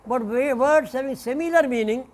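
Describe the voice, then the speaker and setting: A man lecturing as a professor, speaking deliberately and spelling out example words letter by letter. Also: very high-pitched. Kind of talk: classroom lecture.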